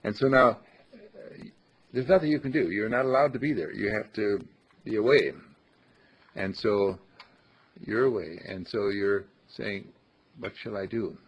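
A man with a gravelly, husky voice teaching a small group on spirituality, speaking slowly and emphatically and repeating phrases like a chant. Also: lowish voice. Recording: dull lo-fi recording.

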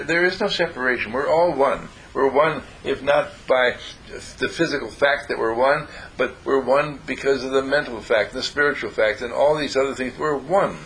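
Man, spiritual teacher, bright clear tone, calm and repetitive, faint low rumble behind. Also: low-quality recording. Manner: calm, repetitive, gently instructive. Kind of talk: guided affirmation talk.

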